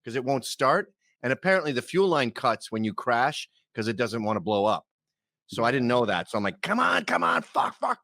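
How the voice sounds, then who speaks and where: A man's voice: medium pitch, fairly quick, a bit bright, no echo, studio quality. A man guesting on a podcast, telling crude, rambling stories in casual chat.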